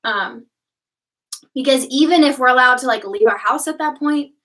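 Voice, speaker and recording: A woman's voice: high voice, moderate pace, a bit bright, recorded from a distance, poor audio. A young woman co-hosting a youth ministry livestream, chatty and upbeat with many ums. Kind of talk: casual livestream chat.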